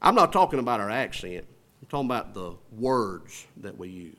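A man with a Southern US accent preaching a sermon, calling for amens and building to loud, slowed-down emphasis before dropping back low and soft. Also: sing-song. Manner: call-and-response preaching, asks for amens; swells loud and slows for emphasis, drops low and soft after. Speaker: pastor.

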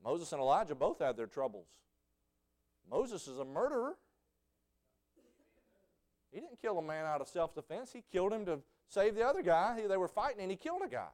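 A male preacher delivers a folksy sermon full of stories. His voice is smooth and resonant and sits fairly high. He builds from easy storytelling to shouted fervor.

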